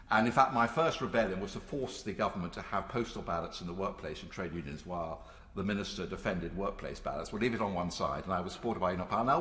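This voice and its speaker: An older man in his sixties delivers a parliamentary speech, emphatic and rhetorical with a dry, sarcastic edge. His pitch swings widely as he presses each point. The voice rings through a large chamber with a long, echoing reverb. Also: fairly bright tone. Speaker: member of parliament.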